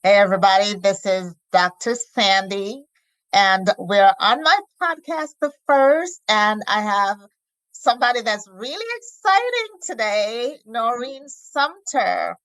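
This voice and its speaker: A woman hosting a podcast interview, enthusiastic and quick to laugh. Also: mid-range voice, animated, a bit bright, dry recording, low-quality recording. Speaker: podcast host.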